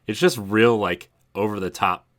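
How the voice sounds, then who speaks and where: Bright-voiced male podcast co-host. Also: fairly low pitch, normal speed. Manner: enthusiastic, filler-heavy rambling. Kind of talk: casual chat.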